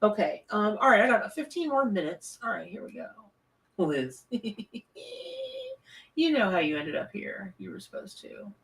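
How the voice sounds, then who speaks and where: A woman's voice: medium pitch, wildly swooping pitch, a little slow, fairly bright tone, far from the mic, slight background noise. A woman, live-streaming a tarot reading from her home office, chatty and effusive as she greets viewers. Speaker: tarot reader on a livestream.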